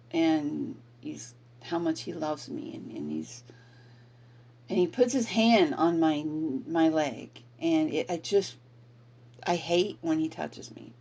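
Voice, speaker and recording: A woman host telling a personal story in a candid, frustrated, casual way, sometimes swearing. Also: lowish voice. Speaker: podcast host.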